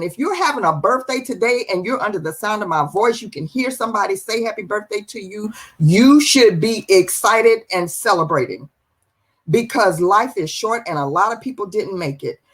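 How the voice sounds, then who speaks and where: Woman livestream host, chatty and lively, greets viewers one by one. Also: medium pitch. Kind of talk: live-stream chat show.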